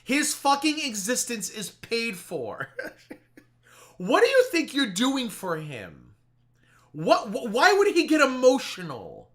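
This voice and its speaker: Sarcastic streamer with a bright, lively voice. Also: medium pitch, takes it slowly. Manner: sarcastic, swearing, mock-weepy impressions. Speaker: reaction streamer. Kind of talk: mocking live commentary.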